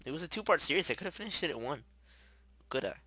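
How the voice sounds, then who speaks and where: A young man giving rambling, excitable commentary while playing a video game. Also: fairly high pitch, fast, husky, no echo. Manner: chatty, rambling, excitable, shouts when startled. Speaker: gamer. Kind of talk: casual gameplay commentary.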